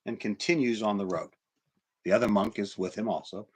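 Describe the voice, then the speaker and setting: A man preaching a sermon in church, swinging from hushed, near-whispered lines to loud, emphatic ones. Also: lowish voice, a little fast, slightly rough. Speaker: pastor.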